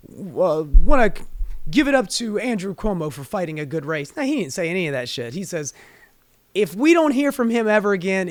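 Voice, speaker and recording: A man's voice: high-pitched, no room sound. A man ranting about politics as host of his own commentary show, profane and sarcastic, heated in his delivery.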